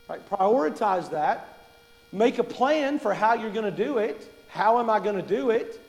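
A man delivers a sermon in a high voice, talking to his congregation in a conversational way and asking them questions. He slows down to stress his main points. The recording rings with the long reverb of a large church hall. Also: expressive, a little mellow. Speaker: preacher.

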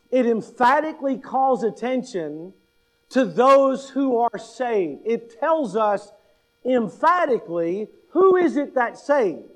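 A man preaching a sermon, emphatic and deliberate, stressing key words and posing rhetorical questions to the congregation. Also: very high voice. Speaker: pastor.

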